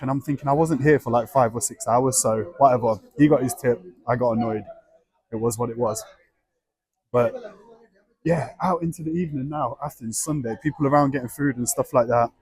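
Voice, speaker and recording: A young man in casual chat as a travel vlogger and illustrator, rambling and musing aloud in a low murmur at an outdoor café and in city streets. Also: steady tone, a little fast, a little mellow, breathy edge, no room sound.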